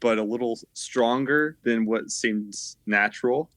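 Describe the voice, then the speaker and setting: A man co-hosts a casual movie podcast, reacting quickly and joking easily. His voice is mid-pitched and recorded dry, with no room sound. He sounds relaxed and playful. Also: dry recording. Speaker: podcast co-host. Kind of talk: casual movie recap chat.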